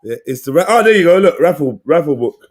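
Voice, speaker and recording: A man hosting a live online panel, bantering excitedly in slang over a video call. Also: on the high side, fast talker. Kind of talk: casual group chat.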